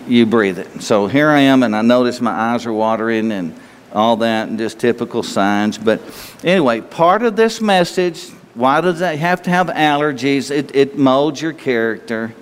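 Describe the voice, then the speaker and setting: Folksy preacher in a reverberant hall. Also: male voice, mid-range voice. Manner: folksy, asks the listeners questions, laughs easily. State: itchy throat, slightly hoarse from allergies. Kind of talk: conversational sermon.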